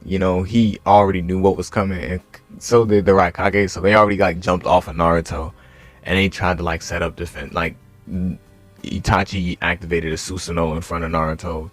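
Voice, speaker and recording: A man's voice: low voice, dry recording. A young man casually retelling an anime what-if story, rambling with lots of fillers. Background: faint music.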